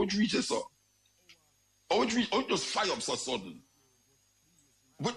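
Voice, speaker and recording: A man with a Jamaican accent delivering an animated, patois-laced commentary monologue. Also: medium pitch, creaky, breathy edge.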